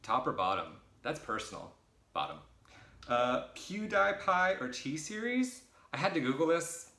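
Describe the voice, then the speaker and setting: A man's voice: a little high, sing-song, measured pace, pushed and bright, roomy sound. A middle-aged American man casually rambling through a viewer Q&A, chatty and self-deprecating, with jokey asides, in his boyfriend's home. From United States. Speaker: vlogger answering viewer questions.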